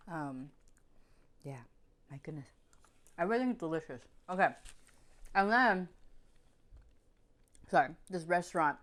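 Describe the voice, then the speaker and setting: A young woman with a fairly low voice reviews food on camera in an easy, chatty way. She gushes over each bite and laughs as she goes, like a friendly food vlogger. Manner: chatty and effusive, laughing between bites. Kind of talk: casual mukbang food review.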